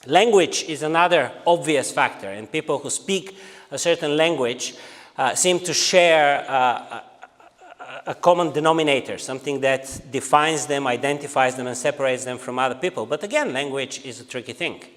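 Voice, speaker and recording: A man's voice: mid-range voice, moderate pace, fairly bright tone, long reverb tail. A man from Bulgaria with a Bulgarian accent, giving an academic lecture in a hesitant way, with frequent filler sounds.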